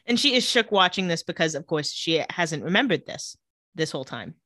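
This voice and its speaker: A woman with a bright, animated voice co-hosts a casual chat podcast. She is giggly and playful, often acting out the characters' lines. The sound is close and dry. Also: on the low side, brisk, no room sound. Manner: lively, giggly, acts out quoted lines. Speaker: podcast co-host recapping a TV episode.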